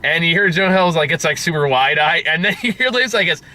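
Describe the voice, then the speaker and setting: A man's voice: on the high side, animated, fast, bright, forceful tone. A man hosting a casual movie review chat, rambling, laughing often and swearing freely.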